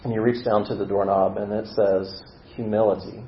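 A man's voice: lowish voice, level tone, normal speed, slight background noise. A man preaching a sermon as a vivid story and acting out the scenes, in a roomy and slightly dull recording. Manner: vivid, acts out scenes with dramatic swings in volume.

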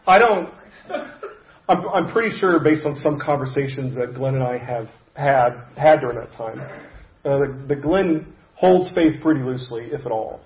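A man pastor telling a personal story in a sermon, conversational and halting, with frequent restarts. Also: medium pitch, animated, roomy sound, highs cut off. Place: church sanctuary.

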